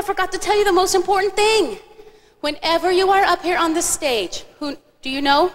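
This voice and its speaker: Her voice very high-pitched and her pace normal, a woman singer directs children through the actions of a song, cheerful and coaxing, at a live church concert. The stage mic sits in a large auditorium, picking up a long hall reverb and faint audience sounds.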